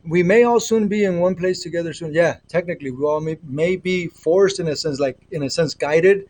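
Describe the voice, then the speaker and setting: Rambling, earnest man with a high voice. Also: brisk, a little mellow. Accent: Mexican. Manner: rambling, earnest, often trails off and restarts. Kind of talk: casual spiritual livestream chat. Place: home with children nearby. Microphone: earbud headset.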